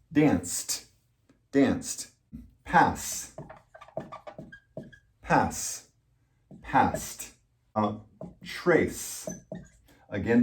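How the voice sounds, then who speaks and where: Slow, patient male English teacher. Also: medium pitch, darkish tone. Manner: slow and patient, repeating words and spelling out letters. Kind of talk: slow, deliberate pronunciation lesson.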